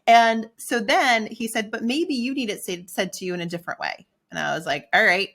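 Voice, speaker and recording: A middle-aged woman co-hosting a podcast, telling a personal story in a candid, animated way and acting out her own inner dialogue. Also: medium pitch, normal speed. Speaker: podcast co-host.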